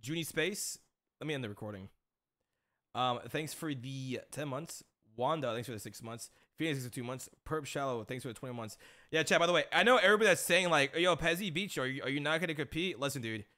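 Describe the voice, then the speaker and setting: Bright-voiced laid-back young streamer guy. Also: medium pitch, animated, a little fast. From Mexican-American family. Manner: laid-back slangy banter, laughs at his own stories. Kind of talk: casual stream chat.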